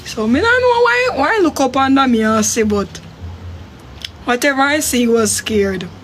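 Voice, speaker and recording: A Jamaican woman telling a personal story in a casual way, acting out her own quotes with big jumps in pitch. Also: lively intonation, moderate pace, a bit bright, slight background noise.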